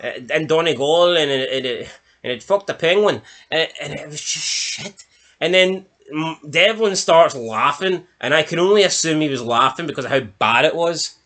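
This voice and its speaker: A man with a bright, forceful voice that sits a little high, talking through a TV episode in easygoing review chat. He rambles, circles back and restarts his sentences. His delivery is informal and peppered with swearing. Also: moderate pace. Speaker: film and TV reviewer.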